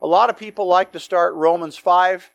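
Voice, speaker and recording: A man teaching a Bible study, telling the stories in a lively way, acting out the quotes and adding joking asides. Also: high-pitched, moderate pace, gravelly. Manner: animated storytelling with acted-out quotes and joking asides.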